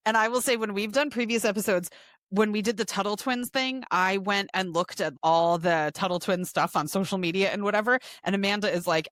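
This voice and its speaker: A woman's voice: mid-range voice, a little fast, fairly bright tone, no room sound. A woman co-hosting a podcast in casual chat, reading out a long list with dry asides. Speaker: podcast co-host.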